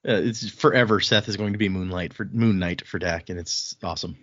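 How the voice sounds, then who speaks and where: A man co-hosting a casual book podcast, recapping the plot in a chatty way and acting out quick bits of dialogue. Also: fairly low pitch, fairly bright tone, husky, no echo, highs cut off. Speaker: podcast co-host.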